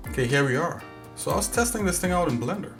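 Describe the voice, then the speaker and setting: A man's voice: a little high, lively intonation, fast, music in the background. A man hosting a casual livestream as a game developer, talking in an easygoing, rambling way with lots of fillers.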